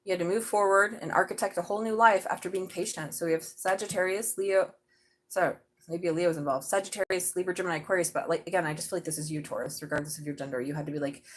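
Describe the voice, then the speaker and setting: A middle-aged woman doing a live tarot reading, chatty and excitable, swearing casually as she talks. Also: on the low side, quick pace, low-quality recording. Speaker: tarot reader.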